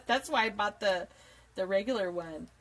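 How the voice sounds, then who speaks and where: Woman, 40s, home craft streamer; bright tone, rambling and giggly, talks to viewers by name. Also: medium pitch, a little slow. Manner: chatty and rambling, laughs often, greets viewers by name. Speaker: craft tutorial host. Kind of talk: live-streamed craft tutorial chat. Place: home craft desk indoors. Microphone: camera mic at a desk.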